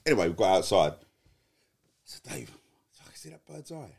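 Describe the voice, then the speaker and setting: A man's voice: on the high side, fast talker, creaky, long pauses, husky. Bloke on a podcast, sweary, voice jumps all over when he tells a story. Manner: swearing, animated anecdote, laughing through it. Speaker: podcast co-host. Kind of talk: casual storytelling chat.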